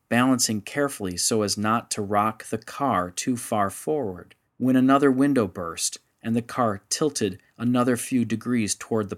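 A man narrating a story in a measured, steady audiobook style. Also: lowish voice.

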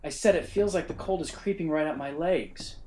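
A man's voice: on the high side, a little fast, mellow, roomy sound, a little hiss or hum, pitched above the performer's own voice, lightly acted. A man voicing a young man who huffs and complains in a ghost story. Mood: complaining. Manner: huffing, complaining. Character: grumbling cold young man.

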